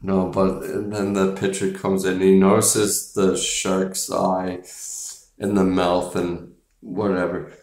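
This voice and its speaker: Slow, low-voiced man reviewing a movie. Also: monotone, darkish tone. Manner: rambling, profane, laughs and acts out scenes. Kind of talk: casual movie review chat. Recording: echoey room.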